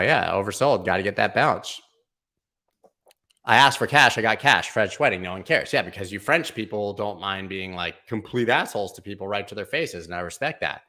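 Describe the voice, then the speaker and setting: A man's voice: sits low, bright, forceful tone. A man hosting a casual crypto livestream, chatting in slang, reading viewer comments and talking through price charts. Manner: laid-back, slangy, chatty, reads comments aloud.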